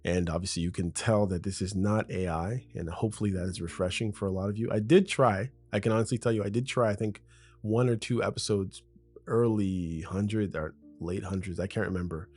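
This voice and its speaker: This is a man with a lowish, slightly rough, somewhat mellow voice who keeps a steady tone and a fairly quick pace. Hosting his own podcast, he drifts off script into a loose monologue, as though to a best friend. He's at a foam-shielded studio mic in a room by a window.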